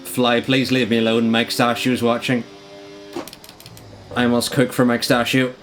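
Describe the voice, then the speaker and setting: A man's voice: medium pitch, flat delivery, measured pace, fairly bright tone, faint music behind. A young man streaming a racing game live, joking around and swearing in frustration as he talks to his chat.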